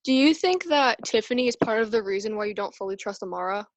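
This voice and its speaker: A woman's voice: mid-range voice, lively intonation, fast, dry recording, rough recording. Hesitant young woman, dry close sound. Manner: hesitant, many fillers. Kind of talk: casual chat. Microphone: video call.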